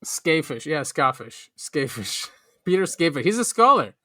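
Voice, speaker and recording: A man's voice: fairly high pitch, very animated, moderate pace, sharp tone, no room sound. A man hosting a podcast, chatting in a jokey way and laughing often. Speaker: podcast host. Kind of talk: casual chat.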